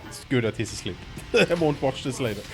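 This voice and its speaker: A man's voice: mid-range voice, lively intonation, fairly quick. A man chatting casually with friends while playing a game on stream, laughing often. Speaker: gamer on a live stream. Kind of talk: casual co-op gaming chat. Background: game music.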